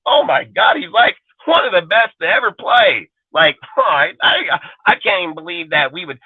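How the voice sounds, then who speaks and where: A petty, dramatic male fan whines and fake-sobs in a mocking sing-song, as a man puts him on. The voice rides high and sits close and dry. It comes through a tinny, phone-like line. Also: no echo.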